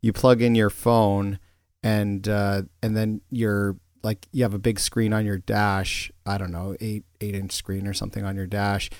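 A man's voice: fairly low pitch, flat delivery, measured pace, darkish tone, no echo, studio quality. A man co-hosting a podcast in casual chat, rambling with many restarts and fillers. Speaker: podcast co-host.

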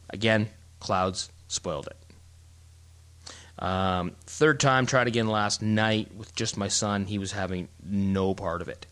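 A middle-aged man with a lowish voice, chatting as a co-host. He rambles through his stories, stumbling and restarting, and his telling is animated throughout. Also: unhurried. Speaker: podcast co-host. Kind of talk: casual chat.

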